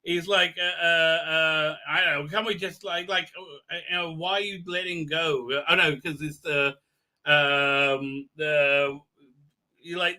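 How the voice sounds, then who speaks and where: A man hosting a livestream, giving a rambling recap of a show with many halting fillers and restarts. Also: a little high, fairly even intonation, sharp tone. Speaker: livestream host. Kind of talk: ranting show recap commentary.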